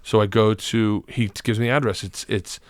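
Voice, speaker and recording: A man, a comedian guest on a podcast, telling a rambling comic story full of swearing and rising excitement, close to a studio mic. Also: on the low side, brisk, no room sound. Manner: rambling, profane, gets loud and excited.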